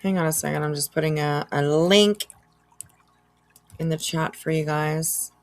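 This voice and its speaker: A woman's voice: low voice, steady tone, measured pace. A woman hosting a casual reaction livestream, chatty and laughing often as she reads out chat. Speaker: livestream host.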